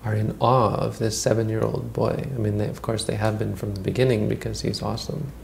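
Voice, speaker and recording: A man's voice: lowish voice, little pitch movement, fairly quick, creaky, darkish tone, slight background noise, rough recording. A man retelling a Buddhist story as a teacher, in a conversational way with frequent restarts.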